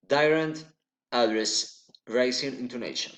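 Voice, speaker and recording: A man's voice: medium pitch, animated, normal speed, fairly bright tone, a little hiss or hum. A man whose first language is Spanish, reading English intonation drills aloud and repeating short phrases to practice rising and falling tones. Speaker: English learner.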